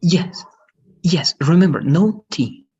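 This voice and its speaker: A man's voice: fairly high pitch, animated, slow pace, dark tone, breathy edge, highs cut off. A man teaching an online English lesson, patiently explaining and often checking with "right?". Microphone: video call.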